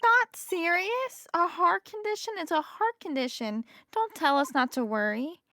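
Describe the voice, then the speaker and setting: A woman voicing an excitable young female lawyer who talks in an eager, gushing way, in a fan voice-acted game. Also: high-pitched, unhurried, no echo, clean studio sound, full character voice.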